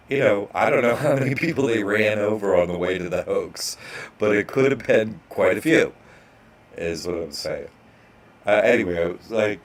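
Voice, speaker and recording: An online course instructor with a low-sitting voice casually tells a rambling story. He restarts sentences and acts out bank clerks along the way.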